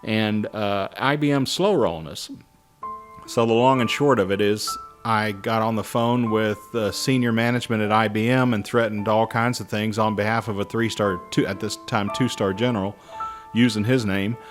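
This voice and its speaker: A middle-aged man recalling his flying career in a lively anecdotal way, acting out the voices of people he quotes. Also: lowish voice, normal speed. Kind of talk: anecdotal storytelling. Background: soft guitar music.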